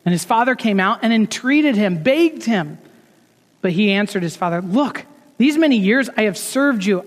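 A man with a notably high voice preaches a sermon, earnest and building to emphatic peaks before easing into quieter asides. The sound carries the long reverb of a large church sanctuary. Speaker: pastor.

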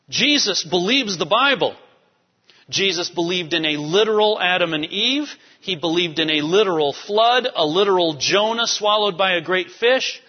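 Male pastor, high voice, emphatic sermon delivery; dull, echoey church-hall sound. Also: a little slow. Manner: animated, emphatic preaching with asides to the congregation.

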